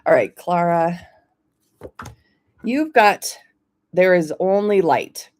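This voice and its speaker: A woman hosting a live stream, reading oracle cards for viewers by name in a gentle, encouraging way and often checking in with "okay?". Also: on the low side, expressive, takes it slowly, a little hiss or hum. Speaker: oracle card reader, host of a weekly live stream.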